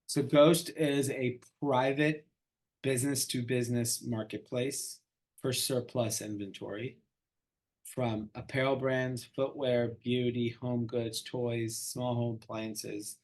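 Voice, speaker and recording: A middle-aged entrepreneur, appearing as an interview guest, tells a story casually and animatedly, acting out the quoted dialogue. His voice is mid-range and his pace slow.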